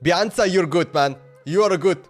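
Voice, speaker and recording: A man's voice: high-pitched, normal speed, soft background music. A male streamer chatting casually on a live stream, talkative and laughing, in broken English.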